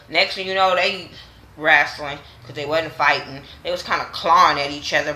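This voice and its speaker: A young woman talking straight to camera in a bright, forceful voice, recapping a reality show with sass and plenty of swearing. She sits fairly low in pitch and sounds like she's in an echoey room. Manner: blunt and sassy, acts out quotes. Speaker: vlogger reviewing a reality show. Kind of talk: casual, profane recap.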